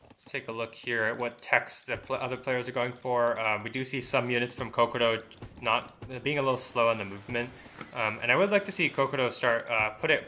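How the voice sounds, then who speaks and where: A man's voice: medium pitch, bright, forceful tone, slight background noise. A man commentating a strategy game match, thinking aloud with many fillers and restarts. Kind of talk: esports commentary.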